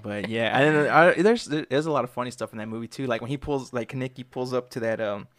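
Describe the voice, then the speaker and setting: A man in casual chat about a movie, laid-back and acting out quotes in a higher voice. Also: fast, fairly bright tone.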